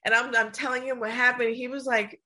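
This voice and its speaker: A young woman in casual chat, animated and laughing often as she talks through tears. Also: on the high side, fairly quick.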